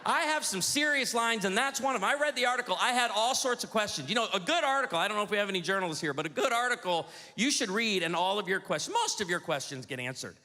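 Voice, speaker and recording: A man in his forties doing a stand-up comedy routine on stage, telling animated stories with quick asides to the audience. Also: sits high. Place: church hall on stage. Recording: hall reverb with faint audience ambience.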